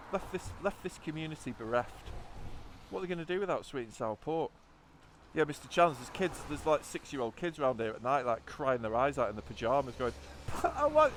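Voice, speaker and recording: On a rainy motorbike ride outdoors, a man in his 50s vlogs in a mid-range voice carrying a little hiss or hum. He rambles along, swearing and sardonic, drifting off into asides.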